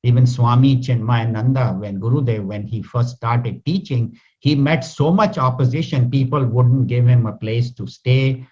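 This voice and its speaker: A man talks through scripture verses line by line, pausing to act out the quoted speakers. His voice sits at an ordinary middle pitch. The recording sounds a bit dull and lo-fi. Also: a little mellow. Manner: explains verses slowly, acts out quotes with rising voice. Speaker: spiritual teacher. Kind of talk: scripture commentary talk.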